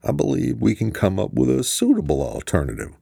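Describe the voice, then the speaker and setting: A man voicing a composed, cold male spy chief in an audiobook, speaking calmly and formally. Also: fairly low pitch, fairly quick, vocal fry, slightly rough, dry recording, studio quality, voice pushed up, exaggerated voice. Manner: calm, formal.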